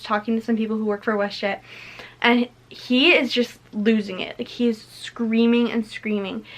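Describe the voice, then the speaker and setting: A woman's voice: fairly high pitch, a bit bright. A teenage girl telling a storytime vlog into her camera, chatty and full of "like" and "literally.". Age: teens. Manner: chatty, filler-heavy retelling with frequent "like" and "literally". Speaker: vlogger. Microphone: camera mic.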